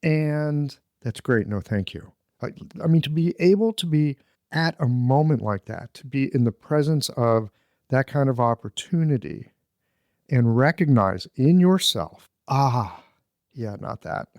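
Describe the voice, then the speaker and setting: A man's voice: medium pitch, lively intonation, measured pace, darkish tone, dry recording, dull audio. A man hosting a podcast interview, responding with appreciation. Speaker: podcast host. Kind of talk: conversational interview.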